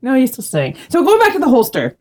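A woman's voice: high voice, huge pitch swings, quick pace. A woman hosting a podcast, chatting and teasing her husband, often laughing. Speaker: podcast host. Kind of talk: casual podcast chat.

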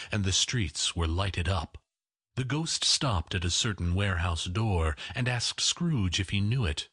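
A man narrating a classic story in an unhurried, expressive reading. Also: lowish voice, slightly rough, dry recording, clean studio sound. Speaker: audiobook narrator.

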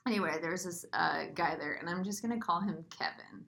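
A woman's voice: on the low side, brisk, creaky, a bit bright. A young woman in her twenties telling a long personal story in casual chat, full of fillers and laughing as she goes.

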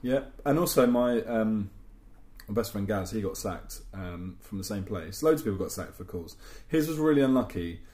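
A man's voice: on the low side, animated, normal speed, dark tone, reverberant. A young man, a podcast host, telling workplace anecdotes with swearing and laughter. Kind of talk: casual storytelling chat.

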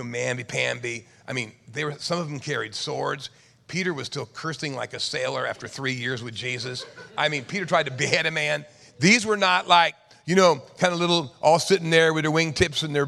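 A man preaching a sermon, swinging from loud bursts to hushed tones and acting out quoted voices. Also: on the high side, gravelly. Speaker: pastor. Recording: reverberant church hall.

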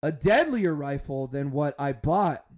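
Profane, animated young man telling stories. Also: fairly high pitch, measured pace. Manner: profane, animated storytelling, breaks into laughs. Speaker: podcast host. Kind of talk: casual monologue.

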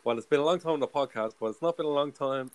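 A man hosting a casual podcast chat, chatty and quick to laugh. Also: medium pitch, darkish tone. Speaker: podcast host.

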